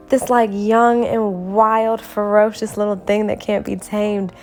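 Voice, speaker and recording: A woman narrating her drawing process in a casual vlog, animated and laughing often. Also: medium pitch, slow pace, soft background music. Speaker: art vlogger.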